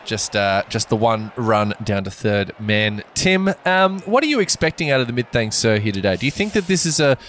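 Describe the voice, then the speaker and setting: A man doing playful, jokey cricket commentary, excitable and full of fillers. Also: mid-range voice, normal speed, few pauses, a little hiss or hum. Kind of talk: playful sports commentary banter.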